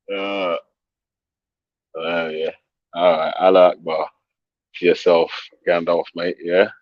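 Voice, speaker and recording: A very low-voiced man chats loosely to his viewers, full of slang and quick laughs. The sound is close and dry but dull. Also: flat delivery, dry recording. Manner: slangy, laughing, addressing chat and callers. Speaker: livestream host. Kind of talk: casual livestream chat.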